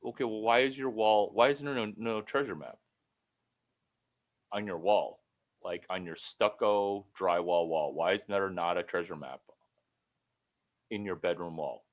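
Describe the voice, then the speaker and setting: A man coaching someone one-on-one over a call, blunt and profane, rambling with sudden loud bursts. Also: low voice, a little slow, long pauses. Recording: phone call.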